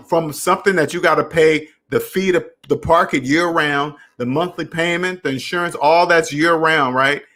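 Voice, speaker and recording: A man's voice: a little high, fairly bright tone. A young adult man hosting a casual personal finance live stream, talking straight to viewers and repeating phrases for emphasis.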